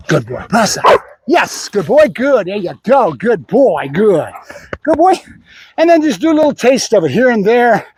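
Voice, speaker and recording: Husky-voiced man coaching a dog. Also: high-pitched, a little mellow, dry recording. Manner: coaxing, repeats short praise and commands to a dog. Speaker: dog trainer. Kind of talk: casual hands-on training demo.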